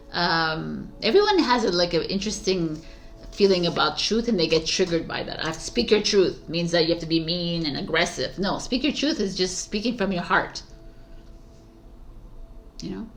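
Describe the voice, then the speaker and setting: Low-voiced, eager woman tarot reader. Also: a bit bright. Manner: enthusiastic, emphatic, repeats words for stress; casual, swears offhandedly. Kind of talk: casual spoken tarot reading.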